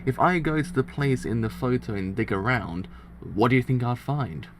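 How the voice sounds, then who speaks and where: A man's voice: mid-range voice, lively intonation, normal speed, background noise, close to an everyday voice. A man voicing a hot-tempered male hitman while reading comic dialogue aloud, ranting and swearing. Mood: menacing. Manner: ranting, swearing, breaking into laughs.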